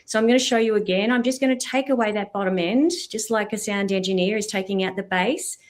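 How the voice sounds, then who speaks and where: A woman's voice: mid-range voice, fast. A middle-aged woman, a voice specialist, explaining and demonstrating vocal technique in an interview. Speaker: voice specialist guest. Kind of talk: expert interview talk.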